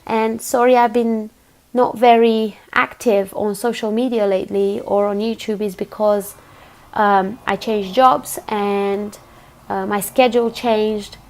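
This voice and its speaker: A woman with a croaky, hoarse voice talks through an unboxing in a casual vlog. Her pitch sits in a middle range for a woman. She chats along loosely and often stops to rephrase. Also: steady tone, darkish tone. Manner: chatty, pausing with fillers and restarts. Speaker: knitting video host.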